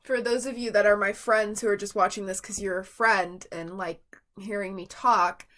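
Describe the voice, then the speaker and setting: A woman's voice: mid-range voice, steady tone, moderate pace, pushed and bright, slight background noise. A woman reviewing a doll from her collection in a rambling, chatty vlog with lots of fillers and asides. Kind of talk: casual vlog chat.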